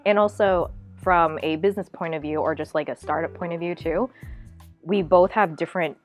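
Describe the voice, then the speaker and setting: A woman co-founder chatting candidly in an interview, quick and lively with lots of fillers. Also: on the low side, faint music behind.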